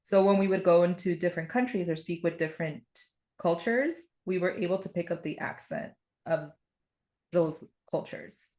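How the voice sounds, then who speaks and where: A woman with a somewhat low voice chatting on a podcast. She rambles through her stories and keeps breaking into laughter. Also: normal speed, darkish tone. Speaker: podcast guest. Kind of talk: casual conversation.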